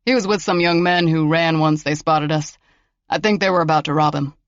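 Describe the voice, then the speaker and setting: A man voicing a polite uniformed police officer who speaks in a sharp, formal way in an audiobook. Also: on the high side, steady tone, a little fast, no echo, dull audio, lightly acted.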